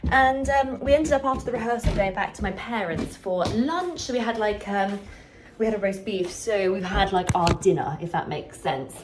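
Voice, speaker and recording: A woman's voice: medium pitch, normal speed, music in the background. Chatty woman, distant mic. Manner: chatty, upbeat, many fillers. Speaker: vlogger. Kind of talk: casual chat to camera. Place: home, indoors. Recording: camera mic from a distance, faint ambient noise.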